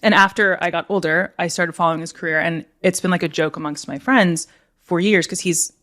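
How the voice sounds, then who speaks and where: A young woman guest on an interview show, telling stories in a chatty, animated way and laughing often. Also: fairly low pitch, brisk. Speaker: guest actor. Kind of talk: casual interview chat.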